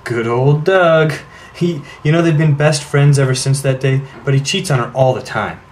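A man's voice: mid-range voice, normal speed, a little mellow, slight background noise, natural voice. Man voicing an awkward, moody teen boy. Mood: glum. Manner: glum, self-conscious.

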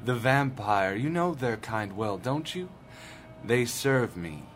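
A man's voice: mid-range voice, expressive, slow pace, a little hiss or hum. An actor playing a smug male demon lord who speaks in a silky, patronizing way. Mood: gloating.

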